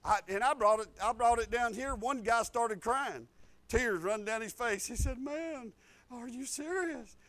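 A man, preaching a folksy sermon that repeats phrases and builds to loud declarations. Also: very high voice, normal speed. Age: 50s.

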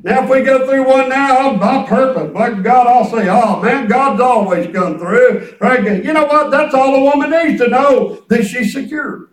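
A man's voice: extremely high pitch, moderate pace. A middle-aged man preaching a folksy, emphatic sermon and repeating himself for effect. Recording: echoey room, from a distance.

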